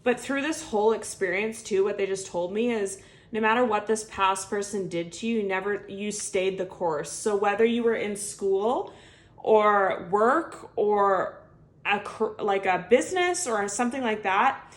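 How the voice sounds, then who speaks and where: A woman's voice: mid-range voice, measured pace. Earnest woman giving a tarot reading. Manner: earnest, heartfelt, many filler "like"s; speaks warmly straight to the viewer. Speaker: tarot reader. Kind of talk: intuitive tarot reading to viewers.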